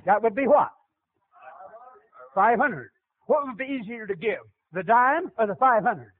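A man preaching a sermon, calling out to the congregation with animated back-and-forth questions. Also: very high voice, unhurried. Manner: animated call-and-response preaching. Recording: tinny lo-fi radio broadcast.

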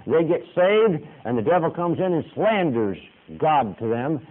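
A man's voice: fairly high pitch, big pitch swings, a little slow. A man who is a Baptist preacher, giving a folksy, conversational sermon full of stories and punctuated with "amen". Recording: tinny phone-like radio broadcast.

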